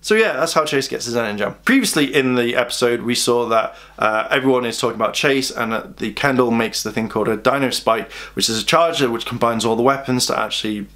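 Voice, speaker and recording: A man's voice: medium pitch, a bit bright. A young British man, a fan reviewer, recapping episodes in a casual, chatty way. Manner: chatty, acts out characters' lines in quick put-on voices.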